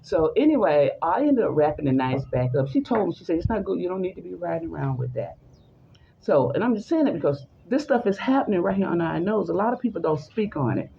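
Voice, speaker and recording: Woman storyteller, gravelly voice, acts out the voices she quotes, dull lo-fi recording with faint hiss. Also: fairly low pitch, big pitch swings, fast talker. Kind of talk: personal story told in conversation.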